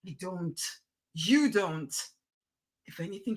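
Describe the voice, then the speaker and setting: A woman with a fairly low-pitched voice gives a motivational talk at normal speed, emphatic and repetitive, coaxing listeners to relax and loosen up. Her delivery swings to a soft near-whisper, and the recording is low quality.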